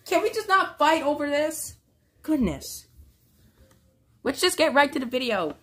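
High, lively gaming girl. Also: measured pace. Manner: loud exclaiming, frequent laughing. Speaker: gameplay video host. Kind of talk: excited gaming commentary.

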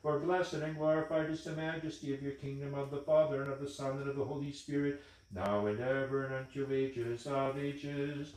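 A man's voice: mid-range voice, moderate pace, a little hiss or hum. A man leading evening vespers, intoning the prayers in a chanted liturgical reading. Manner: intoning in an even monotone. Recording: very echoey church room.

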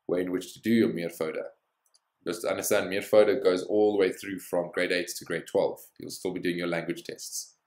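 A man with a low, deep voice teaches a language lesson, explaining each rule step by step. He adds small bits of encouragement as he goes. The sound carries an echo from the room. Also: darkish tone.

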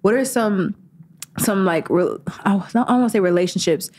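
A woman hosting a casual music interview, lively and teasing, quick to laugh. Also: mid-range voice, a little hiss or hum. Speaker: host.

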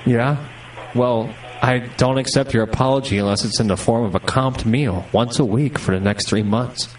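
A man on a prank call, pushing hard and accusing the other side with mock offense. His voice sits at a middling pitch and sounds set back from the mic. A steady noise runs under the line. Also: moderate pace. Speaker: prank caller. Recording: distant noisy phone line.

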